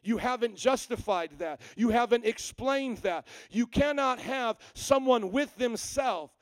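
High-voiced emphatic male pastor. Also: clear, resonant tone, dry recording, low-quality recording. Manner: emphatic, asks rhetorical questions and answers them. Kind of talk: sermon.

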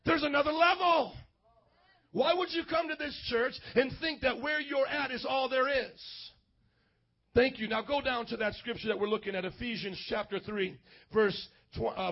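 A man preaching a charismatic sermon as pastor, fervent, swinging from shouting to quiet and calling on the congregation to respond. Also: very high-pitched, normal speed, highs cut off.

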